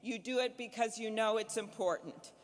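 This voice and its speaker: A middle-aged woman from Minnesota giving a fundraiser dinner speech as a senator, building to punchy applause lines with a repeated refrain and slipping into brisk storytelling. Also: a little high. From Minnesota, USA. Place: large banquet hall. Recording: reverberant hall sound.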